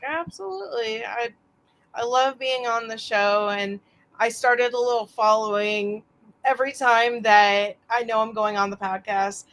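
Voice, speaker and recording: A woman photographer talking as a guest on a casual podcast, relaxed and conversational. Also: on the high side, measured pace, rough recording.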